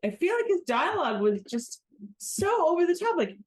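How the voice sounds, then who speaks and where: A woman co-hosting a casual TV recap, her pitch swinging widely as she talks. She slips into mocking character voices to make her points, loose and chatty. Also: big pitch swings, moderate pace, darkish tone. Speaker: podcast co-host.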